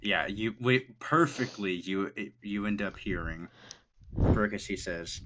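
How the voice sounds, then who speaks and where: Deep-voiced man running a tabletop game. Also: background noise. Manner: casual, halting, voices characters in brief quotes. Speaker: game master.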